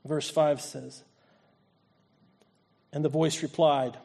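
Higher-voiced pastor preaching a sermon. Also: male voice, little pitch movement, slow, gravelly, a little mellow. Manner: storytelling preacher acting out scripture voices. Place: church sanctuary.

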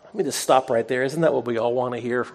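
A man preaching in a relaxed, conversational storytelling way, at an ordinary middle pitch for a man. He stays earnest and personal, and he pokes fun at himself now and then. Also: fast talker. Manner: self-deprecating humor. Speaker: pastor. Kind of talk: sermon.

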